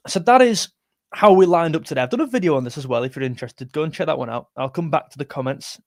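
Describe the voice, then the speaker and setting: A man's voice: on the high side, animated, quick pace, dry recording, studio quality. A man hosting a football live stream, chatting and reading out viewer comments in a rambling, self-correcting way. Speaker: football livestream host.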